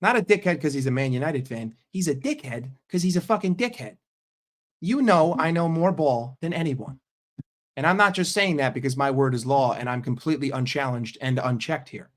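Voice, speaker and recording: A young American man in a heated solo rant, sarcastic and combative, with plenty of swearing. His voice sits at an ordinary middle pitch. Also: normal speed. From United States. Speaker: football fan streamer. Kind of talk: ranting live stream.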